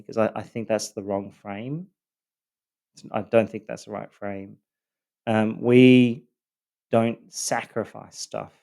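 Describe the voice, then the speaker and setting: A man's voice: lowish voice, gravelly, a little mellow. A man hosting a podcast, telling his own story in a loosely scripted monologue, earnest and hesitant with many fillers and repeated words.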